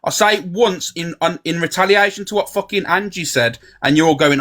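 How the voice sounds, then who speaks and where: A man's voice: sits high, animated, moderate pace, bright, forceful tone. A man, scornfully dismissing others and mocking their reactions in a live-stream argument.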